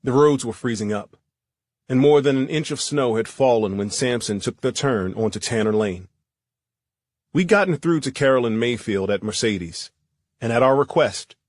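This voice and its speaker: A man narrating a first-person thriller audiobook in a steady, measured reading. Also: medium pitch, no echo.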